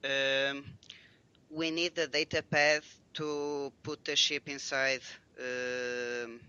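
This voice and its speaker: A man playing a tabletop game, halting and searching for words. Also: medium pitch, flat delivery, pushed and bright, smooth, highs cut off. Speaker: player.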